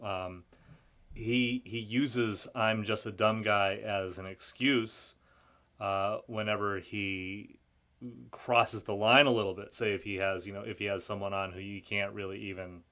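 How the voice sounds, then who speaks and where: Male guest, lowish voice, hesitant and stop-start, political chat. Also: steady tone, a bit bright. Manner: halting, frequent restarts and stammered repeats. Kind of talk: conversational political discussion.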